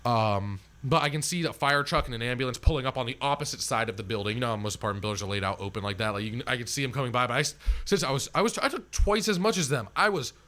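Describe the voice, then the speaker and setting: A man's voice: medium pitch, very fast, hardly any pauses, sharp tone. A man telling a long, rambling story as a podcast guest, swearing freely and packing in fillers. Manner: rambling and profane, heavy on fillers.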